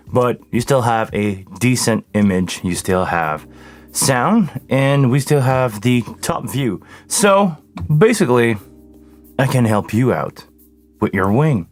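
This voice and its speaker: A man from hosting a casual live Q&A about sound gear, greeting viewers by name and jumping between thoughts. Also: medium pitch. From Canada. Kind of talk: casual live-stream chat. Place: home studio with mixing console.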